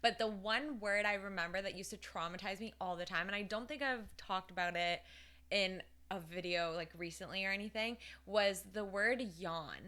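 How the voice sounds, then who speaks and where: A woman co-hosting a casual podcast, telling stories in an animated way and laughing at herself. She speaks with an Indian-tinged English accent. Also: medium pitch, moderate pace. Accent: Indian English with a mixed British edge. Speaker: podcast co-host. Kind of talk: casual chat, storytelling.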